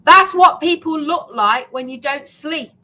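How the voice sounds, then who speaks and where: A woman's voice: high voice, unhurried, pushed and bright, poor audio. A woman hosting a live stream, insistently telling a story and pushing to finish her point. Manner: insistent, talks over others to make her point. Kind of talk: casual chat.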